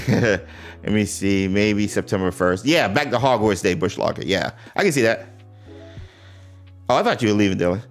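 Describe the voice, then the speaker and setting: A man's voice: lowish voice, expressive, moderate pace, pauses often, soft background music. A young man hosting a casual livestream, greeting chat viewers and pleading with exasperated sighs and laughs. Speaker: livestream host. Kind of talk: casual live-stream chat.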